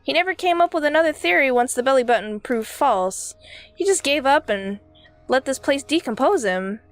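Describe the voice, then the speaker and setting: A woman's voice: high voice, lively intonation, normal speed, soft background music. Woman reading a weary, offhand dream wanderer. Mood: matter-of-fact.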